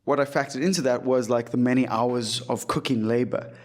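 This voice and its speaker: A young man, co-hosting a casual podcast chat, joking and quick to burst out in loud disbelief. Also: medium pitch, steady tone. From South Africa. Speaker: podcast co-host.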